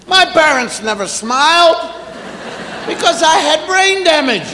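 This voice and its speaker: A man performing a stand-up comedy routine, animated and repetitive as he mimics exasperated parents. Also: very high-pitched, unhurried, a little hiss or hum. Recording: echoey theater with long reverb.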